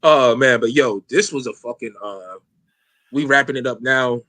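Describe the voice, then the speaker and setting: Rambling, profane podcast host, bright and dry. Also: male voice, medium pitch, normal speed, dry recording. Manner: loose, rambling, profane slang with many fillers. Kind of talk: casual podcast chat.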